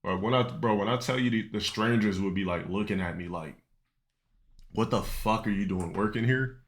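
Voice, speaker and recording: A man's voice: on the low side, moderate pace. A young man streaming live, telling a long, rambling, profane story to his chat with many restarts and fillers.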